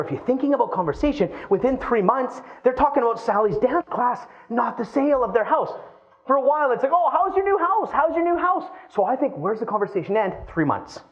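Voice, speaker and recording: A man in his thirties giving a live keynote talk, lively and playful, acting out quoted voices as he goes. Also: sits high, highs cut off. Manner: animated, acts out quoted voices. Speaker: keynote speaker.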